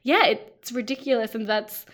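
A woman's voice: fairly high pitch, normal speed. A woman with an Australian accent, co-hosting a podcast in casual chat, rambling with many restarts. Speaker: podcast co-host.

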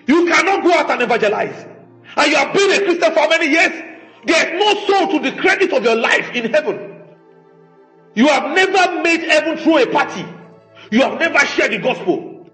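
A man's voice: very high voice, expressive, moderate pace, sharp tone. A man preaching a sermon as pastor, emphatic and rhetorical, scolding his congregation. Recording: echoey room with faint music.

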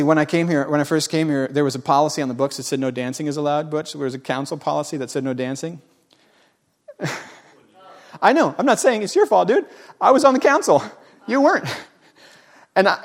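A man in his forties delivers a sermon with a somewhat high voice. He is folksy and animated, joking with his listeners and jumping from loud exclamations to hushed asides. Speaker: pastor.

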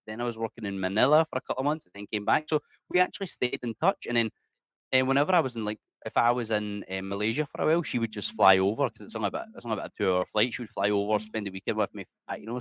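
With a fairly low voice and no echo, this Scottish interview guest, a middle-aged man, tells casual stories. He's talkative, curses freely, and keeps saying "mate."

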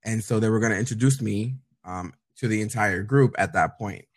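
A man co-hosting a podcast, telling stories in a relaxed, wry way and swearing casually. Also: fairly low pitch, normal speed, no echo. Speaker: podcast co-host. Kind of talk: casual chat.

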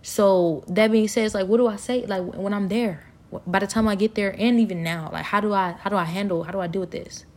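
Speaking in a medium pitch, a woman briskly runs through a rambling, animated personal monologue with few pauses. She laughs frequently and occasionally sinks to a near-whisper.

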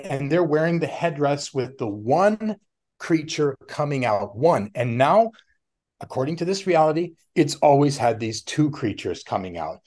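Rambling animated middle-aged man. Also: mid-range voice. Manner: rambling, animated, laughs often, acts out quoted voices. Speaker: podcast guest. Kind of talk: casual conversation.

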